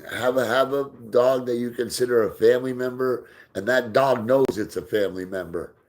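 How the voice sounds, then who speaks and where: A man hosting a casual live stream, reading out viewer comments, answering them, and talking softly to his dog while they play ball. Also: medium pitch, normal speed. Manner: reads out and answers viewer comments, often drops into soft baby talk for his dog. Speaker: livestream host.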